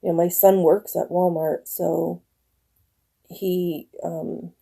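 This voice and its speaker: A woman's voice: fairly low pitch, flat delivery, slow, creaky, dark tone, husky. A woman in her forties from northern Michigan, chatting with live viewers at home in a rambling way, often laughing. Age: 40s. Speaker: live-stream host. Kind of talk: casual chat with viewers.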